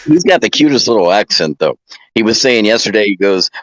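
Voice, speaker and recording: Low-voiced man, laid-back joker. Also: expressive, brisk, dry recording, poor audio. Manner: joking, laid-back, chuckling. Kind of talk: casual podcast chat.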